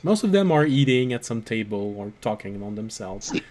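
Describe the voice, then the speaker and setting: A man's voice: fairly low pitch, very animated, a little mellow. Man narrating as game master. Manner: unhurried narration with fillers and restarts.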